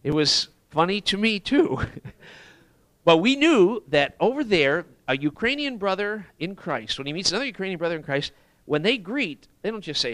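A male preacher tells a story from the pulpit of a church, his bright voice rising and falling over a wide range. He acts out the exclamations of the people he quotes. The sound is close and dry. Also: high voice, big pitch swings, normal speed, no echo. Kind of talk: sermon storytelling.

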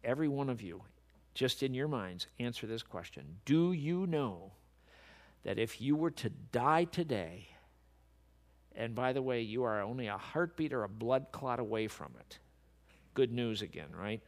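Animated preacher man, lively pitch. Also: measured pace. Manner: swings from soft and low to loud, emphatic peaks. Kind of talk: sermon.

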